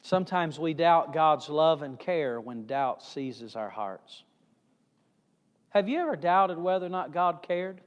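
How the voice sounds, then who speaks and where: A male evangelist preaching a sermon with emphatic swings in pitch and loudness, recorded in a church hall. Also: animated, measured pace. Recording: reverberant hall.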